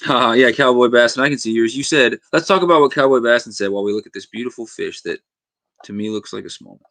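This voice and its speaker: Young guy rambling on his fishing stream, dry sound, reads the chat out loud. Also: medium pitch, quick pace, dry recording. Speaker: fishing livestream host. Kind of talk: casual livestream chat. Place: home fishing room.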